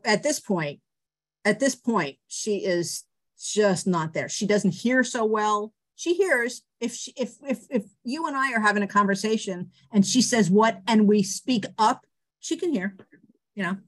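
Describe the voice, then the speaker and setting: A middle-aged woman telling personal stories on a video call, animated and laughing often. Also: medium pitch. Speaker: guest speaker. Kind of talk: personal storytelling.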